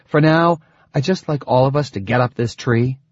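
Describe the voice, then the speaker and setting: A man voicing a calm, determined female army lieutenant in an audiobook, with a raised, steady and clipped delivery. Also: medium pitch, moderate pace, lightly acted. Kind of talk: audiobook character voice. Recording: dull dry lo-fi recording.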